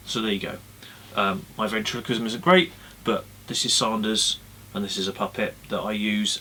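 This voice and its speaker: A relaxed man talking through puppetry tips, friendly and full of ums. His voice is fairly low, with a bright, forceful tone. A faint hiss sits under the recording. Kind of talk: casual instructional talk. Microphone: camera-mounted mic.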